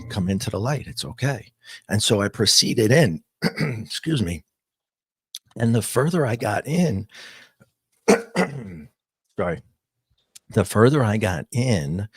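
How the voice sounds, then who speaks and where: A man telling an interviewer the story of his own near-death experience in earnest, halting speech with many fillers and restarts. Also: on the low side, breathy edge, no room sound.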